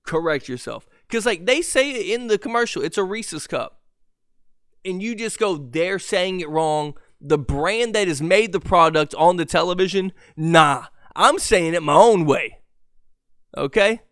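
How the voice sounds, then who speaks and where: Guy with a lisp ranting on his podcast, cussing, kinda high voice, dry close mic, voice getting hoarse. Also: lively intonation, measured pace, a bit bright, no echo. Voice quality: lisp and stutter. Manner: profane, exasperated ranting with laughs and restarts. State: voice going hoarse. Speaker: podcast host. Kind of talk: solo podcast rant.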